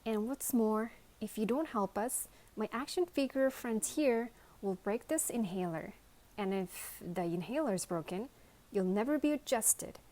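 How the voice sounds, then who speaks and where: A woman's voice: medium pitch, expressive, a little slow, dark tone, lightly acted. A woman voicing a fierce, bossy toy pig who makes threats, in a storybook reading.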